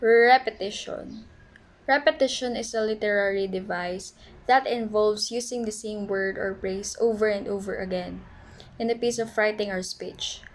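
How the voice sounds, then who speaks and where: A woman's voice: medium pitch, steady tone, moderate pace, low-quality recording. A woman reading out a class report on poetic sound devices from notes, with small stumbles. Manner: reads definitions aloud from notes, small stumbles. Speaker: student presenter.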